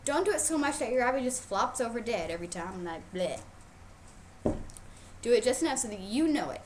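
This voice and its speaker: A woman's voice: a little high, lively intonation, fast, noisy background. A woman instructor teaching youth how to show rabbits, playful and emphatic, repeating her key points. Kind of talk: casual instructional video.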